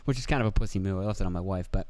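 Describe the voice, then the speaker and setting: A man's voice: sits low, rapid-fire, darkish tone, no room sound. A young man hosting a casual solo podcast, rambling and swearing, laughing at himself and acting out quoted voices. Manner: rambling, profane, self-deprecating, acts out quotes. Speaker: podcast host. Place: indoor room with video camera.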